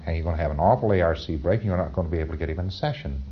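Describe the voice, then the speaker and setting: Male lecturer, low voice, wry and conversational, lo-fi old tape. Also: racing, breathy edge. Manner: wry, conversational, with chuckles and mock dialogue. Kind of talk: recorded training lecture.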